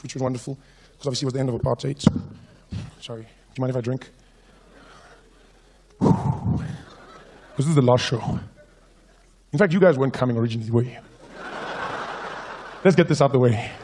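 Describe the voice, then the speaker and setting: Animated stand-up comic. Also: male voice, medium pitch, moderate pace, pauses often, a little hiss or hum. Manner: animated storytelling, switches into voices. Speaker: stand-up comedian. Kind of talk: stand-up comedy.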